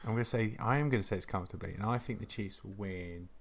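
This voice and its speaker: A man's voice: on the low side, quick pace, gravelly. A man co-hosting a sports podcast, mocking himself with dry humour. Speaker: podcast co-host. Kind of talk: casual sports chat.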